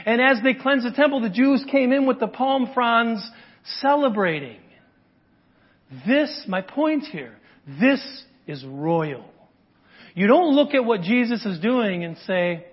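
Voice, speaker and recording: High-voiced husky male preacher. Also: slow pace, pauses often. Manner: conversational, animated, asks the congregation questions. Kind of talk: sermon. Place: church. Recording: dull lo-fi audio.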